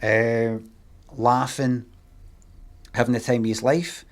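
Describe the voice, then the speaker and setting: A man's voice: medium pitch, little pitch movement, takes it slowly. A Scottish man on a live stream telling a rambling, heavily sweary anecdote in a casual way.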